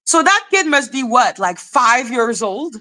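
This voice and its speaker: A woman hosting a casual live stream, telling a gossip story in an animated, exasperated way and swearing freely. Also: on the high side, a little slow.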